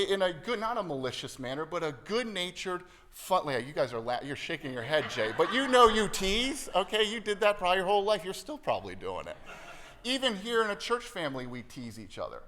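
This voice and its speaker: A man preaching a Sunday sermon with a mid-range voice. He talks to the congregation like friends and keeps tossing in "right?" and "okay?". When he acts out a scene, his delivery turns lively and teasing. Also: mid-range voice. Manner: conversational, checks in with the room often ("right?", "okay?"); acts out quoted lines in a playful, teasing tone. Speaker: pastor.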